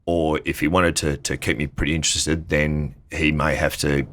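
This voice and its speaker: A man's voice: rumbling low, flat delivery, moderate pace, fairly bright tone. A man in his fifties with an Australian accent, a business owner telling casual stories from his career as an interview guest, acting out the people he quotes. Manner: anecdotal, acts out quoted people with lifted voice.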